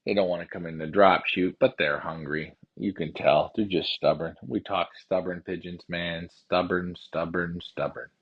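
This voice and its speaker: A man hosting a pigeon racing show, ranting heatedly with lots of profanity and repetition, then calmly explaining how he handles his birds. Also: deep voice, moderate pace, hardly any pauses, lo-fi sound. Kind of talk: casual livestream talk.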